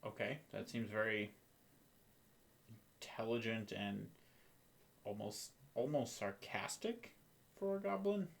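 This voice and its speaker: A man's voice: fairly low pitch, slow pace, vocal fry, long pauses. A man voicing a male leader of a band of elves, talking hesitantly in his own everyday voice. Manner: hesitant, plain-spoken.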